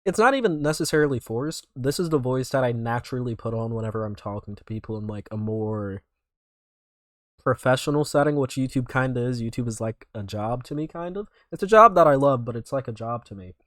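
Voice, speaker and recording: A young man from North Carolina hosting casual reaction commentary, rambling and self-correcting with sudden loud outbursts. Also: mid-range voice, expressive, fairly quick, dry recording, clean studio sound. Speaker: YouTube reaction host.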